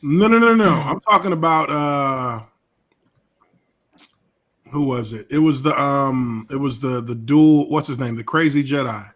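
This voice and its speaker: A man's voice: medium pitch, a little slow, fairly bright tone. A man hosting a casual livestream, telling stories in a laid-back, profane way and laughing often. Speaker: livestream host, former football player.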